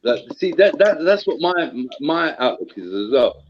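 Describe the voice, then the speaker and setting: A man with a fairly high voice and a measured pace swears freely and tells stories full of slang in a heated, casual voice chat. His profane, animated delivery comes through dull lo-fi online audio with slight background noise.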